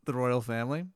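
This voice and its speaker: A man's voice: mid-range voice, clean tone, no echo, clean studio sound. A man in casual chat who tells a playful, absurd hypothetical story.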